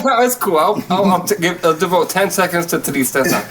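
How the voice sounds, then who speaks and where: Michigan musician, relaxed and chuckly, slightly higher voice, loose podcast chat. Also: male voice, brisk, slight background noise, poor audio. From Saginaw, Michigan. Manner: laid-back, laughs often, trails off mid-sentence. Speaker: guest musician.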